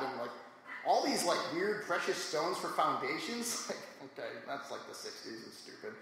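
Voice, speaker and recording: A man with a fairly high voice talks in a loose, slangy, joking way on a live panel, acting out little quoted voices as he goes. His voice rings through an echoey hall with a long reverb tail and a faint hiss underneath. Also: moderate pace. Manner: animated, jokey, slangy retelling with mock quotes. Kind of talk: casual panel discussion.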